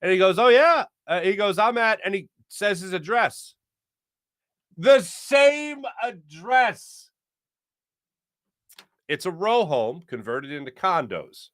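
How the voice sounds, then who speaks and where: A man in his late thirties, a sports show host, telling a story in a casual, animated way, laughing often and acting out the quotes. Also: on the high side, no room sound, clean studio sound.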